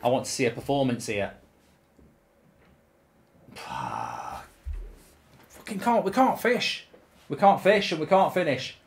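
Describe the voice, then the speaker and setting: A man's voice: on the high side, huge pitch swings, takes it slowly, gravelly, long pauses. A man hosting his own channel, giving live commentary over a football management game, full of ranting, swearing and exasperated outbursts. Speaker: gaming YouTuber host.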